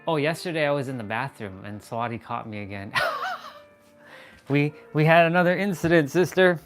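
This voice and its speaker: A man's voice: on the high side, animated, normal speed, soft background music. A man chatting casually on a phone live stream, goofy and joking, poking fun at himself. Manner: goofy, joking, self-mocking.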